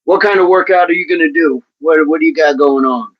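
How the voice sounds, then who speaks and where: A man's voice: on the high side, a little fast, dull audio. A man hosting a casual livestream, reading out viewers' comments and chatting back to them in a playful way. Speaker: livestream host reading chat.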